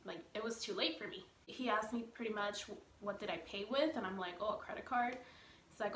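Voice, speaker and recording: A young woman vlogger telling a story in a casual, animated way, acting out what others said and saying "like" a lot. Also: medium pitch, quick pace, a little hiss or hum. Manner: animated retelling, acting out quoted people, many "like" fillers. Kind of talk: storytime vlog. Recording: echoey room.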